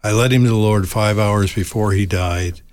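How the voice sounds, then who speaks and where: An older man guest telling a personal story in a soft, reflective, halting way. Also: on the low side.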